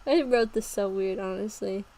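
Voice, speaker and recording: A woman's voice: mid-range voice, moderate pace, mellow, poor audio. Young woman laughing at her old novel. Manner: self-mocking, laughs at her own writing. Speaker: streamer.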